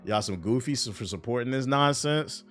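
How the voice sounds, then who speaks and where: Soft music plays behind this young man as he hosts a livestream at a moderate pace and medium pitch. The chat is casual, and he keeps it lively with jokes, swearing and messages read aloud.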